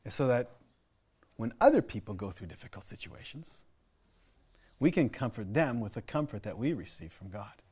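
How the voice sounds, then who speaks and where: A man's voice: lowish voice, sing-song, normal speed, pauses often, warm tone, husky. A middle-aged American man preaching a sermon, telling personal stories in an earnest way, often restarting and repeating words. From United States. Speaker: pastor.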